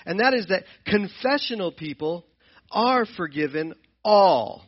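A man's voice: high-pitched, animated, a little slow, dull audio. A man teaching from the Bible in an earnest, explanatory way, often repeating and restarting his phrases. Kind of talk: sermon-style Bible teaching.

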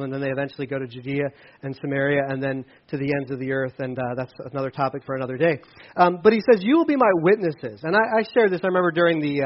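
A man preaching a casual sermon as pastor, conversational with self-deprecating asides and lively storytelling. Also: high-pitched, muffled recording. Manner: conversational, self-deprecating asides, animated when telling stories.

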